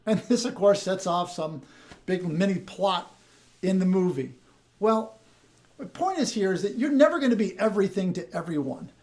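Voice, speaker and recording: A man's voice: high voice, expressive, moderate pace, a little mellow. A man hosting a podcast of sales tips, talking in a chatty way and often restarting or repeating his words. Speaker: sales coach and podcast host. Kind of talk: casual podcast monologue.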